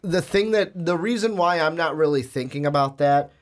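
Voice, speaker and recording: A young man co-hosting a casual movie podcast speaks in a higher-pitched voice at normal speed. He rambles at length, restarting sentences and using fillers, before building up to pointed questions.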